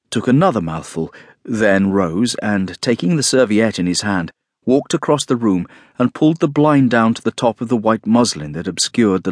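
Male audiobook narrator, expressive and lively in pitch, low husky tone. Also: dry recording, studio quality. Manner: expressive, measured storytelling. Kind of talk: scripted narration of a classic novel.

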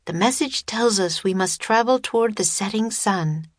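A woman voicing a gentle seal-girl who speaks in an old-fashioned, lilting way in a children's audiobook. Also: medium pitch, normal speed, dry recording, clean studio sound, voice pushed up, close to an everyday voice. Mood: calm.

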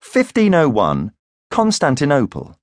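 A man narrating an audiobook thriller in a measured, grave storytelling manner. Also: fairly high pitch, wildly swooping pitch, no room sound, studio quality. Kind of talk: scripted narration.

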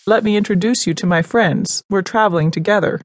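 A woman voicing a calm, gentle grown son. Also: medium pitch, fairly quick, no room sound, lightly acted.

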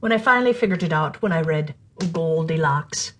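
A woman narrating a children's storybook in an animated, playful way, sometimes dropping to a whisper for suspense. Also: low-pitched, a little fast. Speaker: storyteller host.

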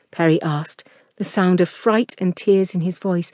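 A woman narrating a historical romance audiobook in a measured, expressive reading. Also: on the low side, no echo, clean studio sound.

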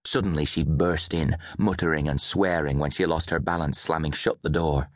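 Deep-voiced male audiobook narrator. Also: fairly even intonation, dry recording, clean studio sound. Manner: measured storytelling. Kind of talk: scripted narration.

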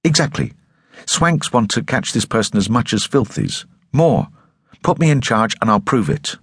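A stubborn young woman, proud and insistent, as a male narrator puts her on in a raised, lively voice. Her lines come across as self-assured and firm, from a storybook reading. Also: medium pitch, moderate pace, slightly rough, no echo, clean studio sound, pitched above the performer's own voice.

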